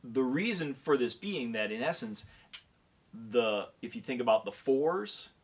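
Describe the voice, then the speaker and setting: A man's voice: medium pitch, lively intonation, a little slow, husky. A man giving a percussion lesson who counts beats aloud and keeps checking in with the listener. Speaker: percussion clinician. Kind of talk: instructional demonstration.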